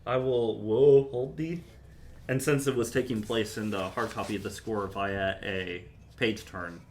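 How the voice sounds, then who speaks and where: A man teaching a private composition lesson, explaining in a relaxed, chatty way with many ums. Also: lowish voice, unhurried, a little hiss or hum. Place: university music lesson room.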